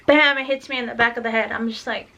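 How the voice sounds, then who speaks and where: A woman's voice: on the high side, fairly even intonation, fast talker, bright, forceful tone, dull audio. A woman, a mother, telling a rambling, cursing story in a casual vlog, still tired and lightheaded. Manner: rambling, swears, acts out dialogue. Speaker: mother vlogging about her daughter.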